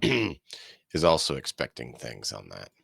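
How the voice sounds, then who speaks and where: A man's voice: very deep voice, sing-song, slow, gravelly, a bit bright, husky, no room sound. A man streaming a video game, chatting casually and rambling through his thoughts as he plays. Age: adult parent. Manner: rambling, talks through frustrations.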